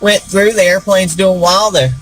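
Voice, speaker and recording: A man's voice: high voice, steady tone, normal speed, a bit bright, rough recording. A man hosting a show, telling jokes in a rambling, folksy way with many fillers. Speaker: host. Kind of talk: casual joke-telling.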